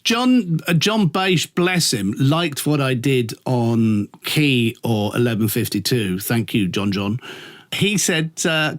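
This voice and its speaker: A man chatting casually in an interview, animated and swearing for emphasis. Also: medium pitch, takes it slowly. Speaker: radio presenter guest.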